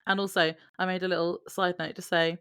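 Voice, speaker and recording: A woman's voice: on the low side, level tone, brisk, a bit bright, clean tone. A woman co-hosting a podcast, adding short reactions and laughing along in casual chat. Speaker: podcast co-host.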